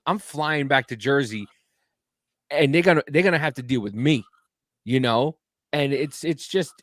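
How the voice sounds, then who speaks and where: Man in his forties, podcast chat, animated storyteller, fairly high voice, dry sound. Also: dry recording. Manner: animated storyteller, acts out scenes.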